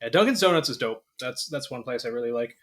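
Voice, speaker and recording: A man's voice: medium pitch, expressive, fast talker. A man with a Canadian accent, co-hosting a podcast in casual, sweary chat. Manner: casual, sweary, trails off quietly. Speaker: podcast co-host.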